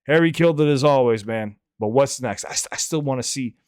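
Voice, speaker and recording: A man's voice: mid-range voice, a little fast, a little mellow, clean tone, no room sound, studio quality. Candid, swearing male reaction host. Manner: candid, rambling, frequent restarts and swearing. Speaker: reaction channel host and rapper. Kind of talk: casual commentary.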